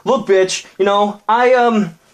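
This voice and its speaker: A man's voice: high voice, fairly even intonation, slow, voice pushed up. A man voicing a dim, aggressive young gym bro who stammers and fills every gap with "you know" and "like.". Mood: blustering. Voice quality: stammering, filler-heavy bluster.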